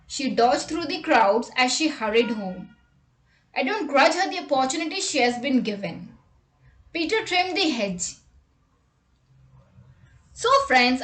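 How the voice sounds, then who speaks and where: High-voiced woman teaching English words. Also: fairly bright tone, roomy sound. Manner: reads example words and sentences slowly and deliberately. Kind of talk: scripted vocabulary lesson.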